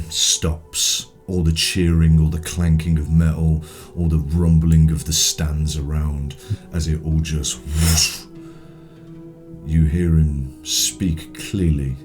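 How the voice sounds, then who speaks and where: A man narrating as game master, his voice extremely deep and his delivery very slow. He paints each scene in a measured, descriptive way. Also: flat delivery, a little mellow, faint music behind. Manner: measured, scene-setting with fillers.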